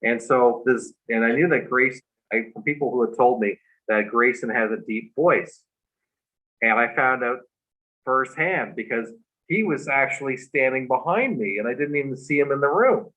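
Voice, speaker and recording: A man, a guest on a livestream talk show, telling a personal story in a halting, earnest way with many restarts, over a video call. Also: medium pitch, animated, fairly bright tone. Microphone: remote video call. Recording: muffled livestream audio.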